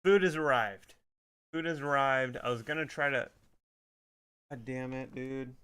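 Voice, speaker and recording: A man's voice: mid-range voice, unhurried, bright, forceful tone, clear, resonant tone. A young man streaming games at home into a desk microphone, chatting casually and swearing often. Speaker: gaming streamer. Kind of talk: casual gameplay chat.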